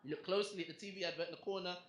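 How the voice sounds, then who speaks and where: A young English comedian works the room with punchy, chatty asides in a fairly high voice. His set rings around an echoey club, with the audience's laughter and clatter clearly behind him. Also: steady tone, rapid-fire, very noisy. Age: young adult. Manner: punchy, conversational delivery with asides to the crowd.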